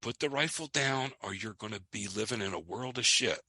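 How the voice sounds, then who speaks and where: A man quoting a tense young male marine who calmly pleads with a friend, in a low, quiet retelling. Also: brisk, slightly rough, no echo, studio quality, heavily acted. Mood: pleading.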